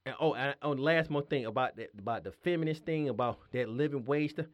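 A man's voice: medium pitch, a little fast, dry recording, muffled recording. A man hosting a podcast, delivering a blunt, sardonic political monologue. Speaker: podcast host.

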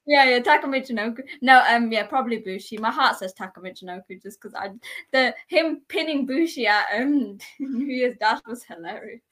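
A young woman chats on a casual podcast, her voice bright and pitched a little high for a woman. She talks in animated bursts, restarting her sentences and joking along with the others. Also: normal speed. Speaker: podcast co-host. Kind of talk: casual wrestling podcast chat.

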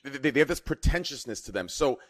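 A man talks casually, hesitant and filling pauses with ums and uhs. His pitch swings widely as he talks. His voice sits mid-range. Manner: hesitant, lively, full of fillers. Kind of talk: casual chat.

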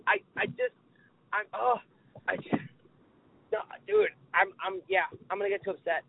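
Male sports podcast co-host, high voice, casual and worked up, swears a lot; tinny phone-quality audio. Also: moderate pace, vocal fry, husky. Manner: excitable, exasperated, swears often. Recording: tinny phone-like dry sound.

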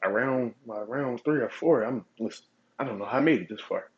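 An adult podcast host with a husky, medium-pitched voice delivers a casual solo monologue, telling stories in a laid-back, profane way and chuckling often. He speaks briskly, and the recording sounds muffled.

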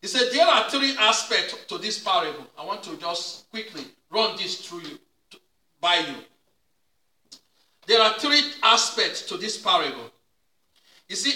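A male pastor preaching a sermon with repeated call-and-response questions, sometimes rising to a shout. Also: high-pitched. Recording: echoey room, mic at a distance.

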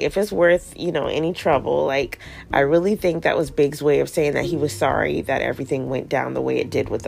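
A woman hosting a casual recap show, animated and sassy, acting out characters' lines in playful voices. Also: lowish voice, gravelly. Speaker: podcast host recapping a TV show. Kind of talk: casual chat.

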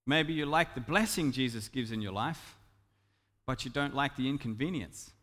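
A man preaching a sermon as a pastor, swinging from loud emphatic lines to soft, intimate ones. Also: mid-range voice, expressive, moderate pace, in a large hall.

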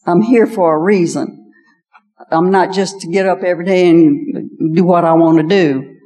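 An older woman tells her story in a low, folksy voice and leans on "I said" as she goes. Her voice carries the long reverb of a large hall where she speaks to a gathering. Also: steady tone, normal speed, mellow. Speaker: guest speaker. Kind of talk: personal testimony talk. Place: large hall at an evening event.

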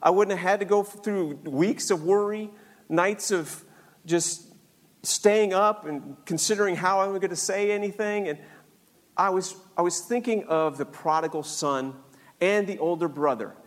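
An older man with a high, unhurried voice shares a personal faith story, earnest and animated, acting out the voices of others. The recording carries a long hall reverb.

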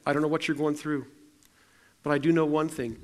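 A middle-aged man with a fairly high voice delivers a storytelling sermon. He talks to the congregation in a loose, conversational way, often restarting sentences and poking fun at himself. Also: flat delivery, fairly quick. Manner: conversational and self-deprecating, with frequent restarts. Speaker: preacher.

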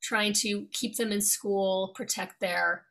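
A middle-aged woman from New York with no regional accent, a lawyer speaking as a guest in an interview in an articulate, friendly, measured way. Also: medium pitch, steady tone, fairly bright tone. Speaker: guest, attorney. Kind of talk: interview conversation.

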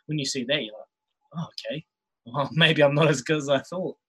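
A man with a New Zealand accent talks in a relaxed, chuckling way, often stopping to restart a thought. His voice is bright and forward, sitting a little high for a man. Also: fairly quick, husky, rough recording. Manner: laid-back, chuckles often, many restarts. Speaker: podcast guest, rugby player. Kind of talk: casual storytelling chat.

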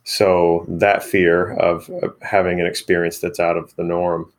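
A man with a fairly low voice, talking casually. He thinks out loud tentatively, asking one question after another. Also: flat delivery, unhurried. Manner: tentative, wondering aloud, asks questions. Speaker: podcast co-host. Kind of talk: casual conversation.

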